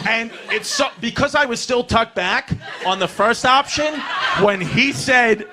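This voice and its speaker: A man with a high voice works a comedy club stage, loud and animated, laughing between lines as he tells the story. He drops into gruff voices when he quotes his father. The handheld stage mic is loud against noise from the crowded room behind him. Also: takes it slowly, long pauses. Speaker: stand-up comedian.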